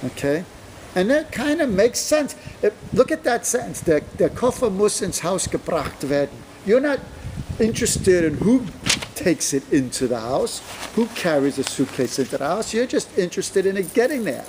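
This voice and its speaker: A man teaching German grammar, slow and deliberate, his voice rising when he stresses a point. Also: high voice, very animated, a little mellow, slight background noise, low-quality recording. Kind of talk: explaining grammar to camera.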